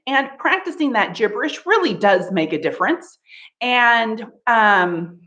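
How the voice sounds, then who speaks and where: A woman's voice: fairly high pitch, animated, measured pace, a bit bright. A woman leading a live online laughter yoga session, playful and laughing often, chanting ho ho ha ha between tips. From United States.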